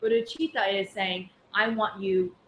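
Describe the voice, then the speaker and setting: A woman's voice: medium pitch, steady tone, measured pace. Woman, chatty Buddhist teacher, roomy echo, faint background hum. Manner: conversational, anecdotal, many fillers. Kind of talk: casual dharma class talk. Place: class room. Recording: echoey room with faint ambience.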